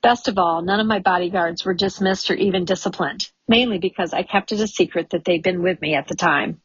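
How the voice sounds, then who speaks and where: A woman narrating a first-person memoir audiobook in a measured, wry storytelling manner, in a dull, lo-fi recording. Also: lowish voice, slightly rough, no room sound. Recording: dull lo-fi studio recording, dry.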